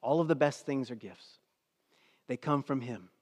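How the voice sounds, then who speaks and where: A middle-aged male pastor preaching a sermon in a church, swinging between hushed near-whispers and loud emphatic declarations. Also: medium pitch, moderate pace. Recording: long hall reverb.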